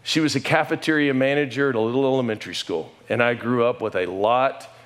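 A middle-aged pastor preaches a sermon at a quick pace in a slightly bright voice. He tells an emotional family story, and whenever he quotes someone his pitch and volume climb.

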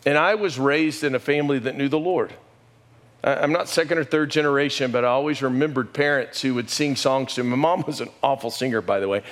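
Middle-aged guy preaching, storytelling style, gets louder and higher when quoting folks. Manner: storytelling, emotional, rises in pitch and volume when quoting. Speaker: pastor. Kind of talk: sermon.

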